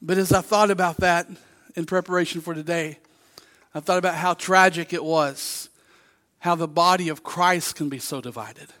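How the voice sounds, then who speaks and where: A male pastor preaching a sermon, telling stories with lively acted-out voices. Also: fairly high pitch, moderate pace. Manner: animated storytelling, acts out voices in anecdotes.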